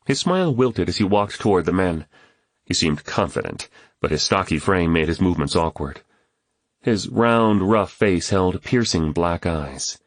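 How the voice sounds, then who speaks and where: Male audiobook narrator, deep and measured, close dry studio mic. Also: no echo. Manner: measured, steady storytelling.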